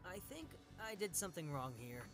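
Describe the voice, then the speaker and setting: A man voicing a boastful, goofy young male detective with a cocky, excitable manner. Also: high-pitched, brisk, over music, voice pushed up.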